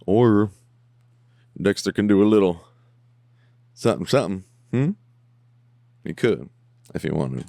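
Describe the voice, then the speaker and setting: A man's voice: on the low side, lively intonation, measured pace, vocal fry, long pauses, mellow, no echo. A man hosting a podcast, reacting casually to a TV episode, rambling and jokey, often mimicking the characters. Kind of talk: casual watch-along commentary. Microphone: headphones on, close mic.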